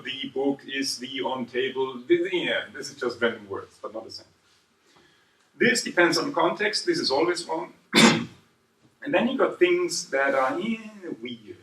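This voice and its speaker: A man's voice: mid-range voice, echoey room. Guy teaching a class, keeps asking the room stuff, kinda far off the mic. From southern Germany. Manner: lively, quizzes the class, tags 'right?' after points. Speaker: university lecturer. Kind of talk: classroom seminar lecture. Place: lecture room.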